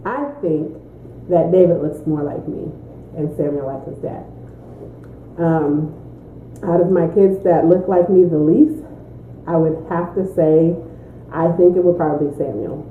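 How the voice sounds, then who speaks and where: A woman, a mother, chatting casually in a mukbang Q&A, a lively storyteller who laughs often. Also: sits low, measured pace, a little hiss or hum. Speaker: mother answering Q&A. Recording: tinny echoey room recording.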